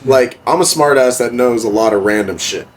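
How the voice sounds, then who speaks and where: On a podcast, a young music producer casually tells stories, relaxed and laid-back, swearing a lot and using plenty of fillers. He speaks at a moderate pace in a mid-range voice, and the audio is poor.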